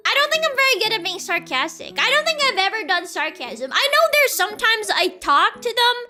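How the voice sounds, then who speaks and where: A woman's voice: extremely high pitch, sing-song, a little fast, bright, forceful tone, faint music behind. A young woman streamer chatting casually and reading chat, rambling and laughing, insisting with repeats.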